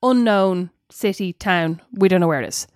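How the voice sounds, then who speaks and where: A woman's voice: on the low side, normal speed, darkish tone, no room sound. Woman on a podcast, bossy jokey chat, dry close mic. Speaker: podcast co-host. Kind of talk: casual chat reviewing a film.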